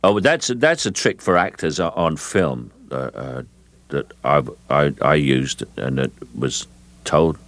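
A man being interviewed as an actor guest, explaining his craft in a measured way with frequent restarts. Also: rumbling low, lively intonation, a bit bright. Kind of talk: interview answers.

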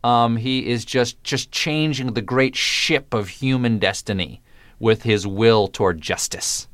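This man is a comedian guesting on a radio interview, from the American South but without any regional accent. He speaks a little slowly at medium pitch, in a fairly bright tone with no room sound, and his delivery is wry, playful and precisely enunciated.

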